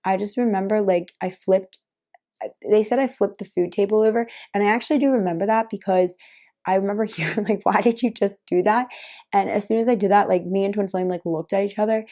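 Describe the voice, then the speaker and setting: Young woman vlogger, casual storyteller, soft dark tone, filler-heavy chatty delivery. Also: mid-range voice, fairly even intonation, a little fast. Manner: chatty, lots of "like" fillers, frequent laughs.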